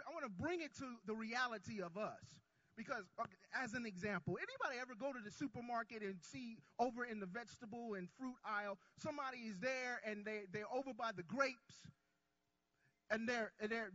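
A man preaching a sermon who calls on his congregation to answer back, drawing out key words and swinging between quiet asides and loud lines. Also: very high-pitched, no room sound, muffled recording. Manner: call-and-response with the congregation.

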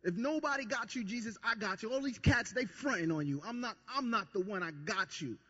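A man's voice: high-pitched, expressive, brisk, pushed and bright, pitched above the performer's own voice, full character voice. A man voicing a brash, boastful disciple with swaggering street slang inside a sermon. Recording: long reverb, dull lo-fi sound.

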